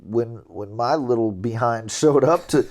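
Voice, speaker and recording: A middle-aged man, an interview guest, telling stories about his career in a relaxed, animated way, chuckling now and then. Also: medium pitch, a little slow. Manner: animated anecdotes, chuckling, scatting melodies. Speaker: interview guest, jazz trombonist. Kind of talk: relaxed storytelling.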